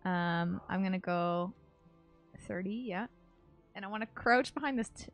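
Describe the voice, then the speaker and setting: A woman playing a tabletop game, talking through her moves in a quick, chatty way with fillers. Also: medium pitch, a bit bright, faint music behind. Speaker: player. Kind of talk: casual tabletop game chat.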